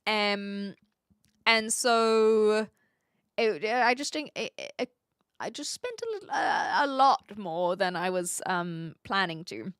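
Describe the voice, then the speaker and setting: Bright Kiwi woman streamer chatting. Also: mid-range voice, expressive, takes it slowly, smooth, dry recording, clean studio sound. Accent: New Zealand. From New Zealand. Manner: chatty, laughs often, answers chat. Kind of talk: casual live-stream chat.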